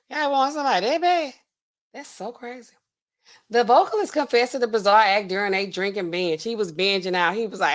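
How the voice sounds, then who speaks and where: A woman hosting a livestream in casual commentary, animated and laughing, acting out quotes in exaggerated voices. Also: mid-range voice, normal speed, long pauses. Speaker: pharmacist livestream host.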